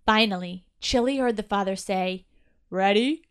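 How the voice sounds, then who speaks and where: A woman's voice: mid-range voice, lively intonation, moderate pace. A woman narrating a children's Christmas story aloud.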